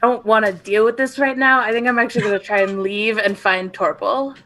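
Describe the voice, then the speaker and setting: Fed-up adventurer, bright and sharp, dismissive; a player doing it. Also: medium pitch, fairly even intonation, fairly quick. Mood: weary. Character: weary adventurer wanting to leave.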